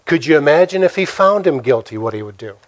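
A pastor delivers a sermon in a dramatic, storytelling style, asking rhetorical questions and acting out the lines he quotes. His voice sits a little high and is expressive and fast.

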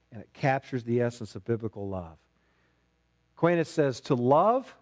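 A man preaching a sermon as a pastor, emphatic, dropping low and rising to loud, intense stretches. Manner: emphatic, swings between quiet and loud.

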